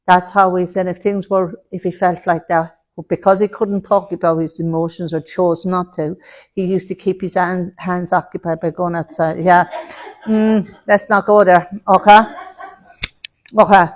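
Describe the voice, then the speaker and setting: A woman's voice: on the low side, fairly even intonation, moderate pace. Lady medium on a platform, chatty, calls everyone love. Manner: chatty, warm terms of address, relays messages in quotes. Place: spiritualist centre hall before an audience.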